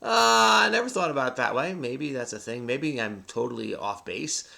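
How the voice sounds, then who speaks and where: Gravelly, bright-voiced crossword host. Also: male voice, medium pitch, lively intonation, moderate pace. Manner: frenetic, rambling, self-mocking. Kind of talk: solving a crossword while thinking aloud.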